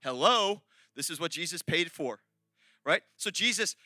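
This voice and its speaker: A pastor preaching a lively, rambling sermon full of restarts and asides. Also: male voice, fairly high pitch, measured pace, dry recording, soft background music. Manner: animated, rambling, with many restarts and laughs.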